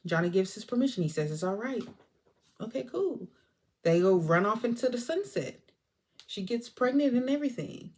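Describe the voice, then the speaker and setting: A woman casually recapping a film's plot for a vlog, animated and acting out the characters' lines. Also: on the high side, moderate pace. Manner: animated storyteller, acts out the characters. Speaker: movie reviewer.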